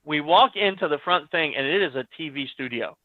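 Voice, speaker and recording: Excitable high-voiced man on a tinny line. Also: a little fast, dry recording. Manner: excited, acts out quoted dialogue. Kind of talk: animated storytelling. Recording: dry tinny phone-like audio.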